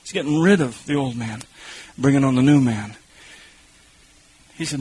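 A man preaching a sermon, telling animated stories with shouted bursts and laughter, his voice husky. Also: mid-range voice, moderate pace, long pauses, poor audio.

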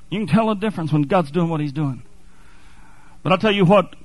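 High-voiced male preacher, dry close mic, impassioned sermon delivery. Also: no room sound, poor audio. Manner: impassioned, building to fervent repetition.

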